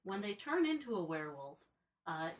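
A woman's voice: fairly low pitch, very animated, moderate pace. A woman co-hosting a casual podcast chat, dropping dry, teasing asides. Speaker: podcast co-host.

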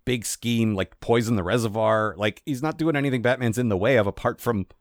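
A man's voice: medium pitch, no room sound, clean studio sound. A man co-hosting a podcast, chatting casually and rambling with frequent restarts. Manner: rambling, self-interrupting, quick bursts. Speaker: podcast co-host. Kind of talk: casual chat.

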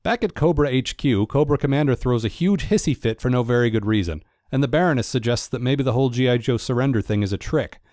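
A man talks through a cartoon episode as a comedic recap, full of sarcastic, wry asides. His voice sits at an ordinary middle pitch. The sound is dry and close, with no room echo. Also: quick pace, hardly any pauses, darkish tone. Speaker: cartoon reviewer.

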